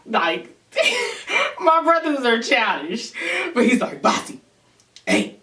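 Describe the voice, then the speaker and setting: A woman tells a story to camera in an animated storytime chat, talking straight to her viewers. Her voice is bright and forward. The room is echoey and she sits a little back from the mic. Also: a little high, takes it slowly, recorded from a distance. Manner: acts out others' voices in quotes. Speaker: vlogger.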